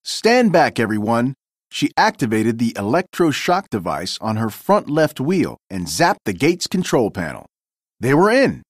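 A man narrating a children's storybook read-aloud with expressive, clear storytelling. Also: medium pitch, a little slow, no room sound, clean studio sound.

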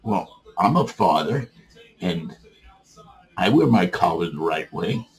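A man's voice: sits low, lively intonation, slow pace, full character voice. A man voicing a plain-spoken, shrewd old Jewish man in a joke. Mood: matter-of-fact.

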